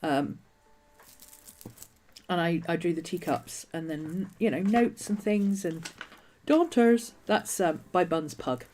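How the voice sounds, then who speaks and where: A woman's voice: fairly low pitch, expressive, slow, a little mellow, slight background noise. A woman hosting a casual journaling vlog, chatting in a meandering way with many restarts while a nagging cough keeps bothering her. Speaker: journaling video host. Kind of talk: casual rambling vlog chat.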